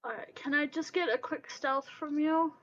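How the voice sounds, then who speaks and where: High-voiced woman running a tabletop game. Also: lo-fi sound. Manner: deliberate, hesitant narration with fillers. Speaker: game master.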